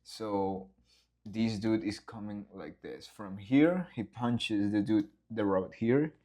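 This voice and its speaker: A lively animator takes it slowly as he explains his storyboards, his pitch fairly low. The tone is a casual behind-the-scenes vlog, full of enthusiasm, with scenes acted out through sound effects and swearing.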